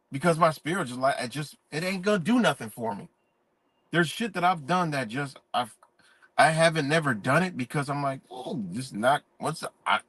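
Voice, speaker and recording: A man delivers an emphatic, preachy live-stream monologue, cursing freely, in a voice pitched slightly high for a man. The close, dry audio sounds pushed and bright, without any echo.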